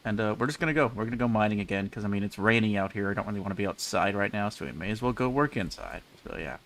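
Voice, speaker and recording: A man's voice: on the low side, racing, fairly bright tone. A man casually rambling through live gameplay commentary, chatty and self-mocking, speaking into a desk mic with a pop filter. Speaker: game streamer.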